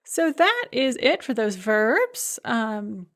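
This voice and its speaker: A woman's voice: a little high, very animated, slow pace, fairly bright tone. Methodical woman teaching a lecture. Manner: methodical, spells out verb forms one by one. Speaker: language teacher. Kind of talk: recorded lecture.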